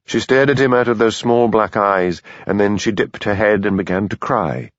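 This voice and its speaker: Low-voiced male audiobook narrator. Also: normal speed, dry recording, lo-fi sound. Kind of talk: scripted narration.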